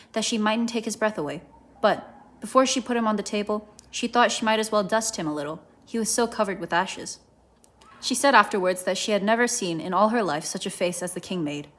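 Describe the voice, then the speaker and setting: Woman reading a children's storybook. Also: medium pitch. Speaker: volunteer reader. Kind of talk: reading a children's book aloud.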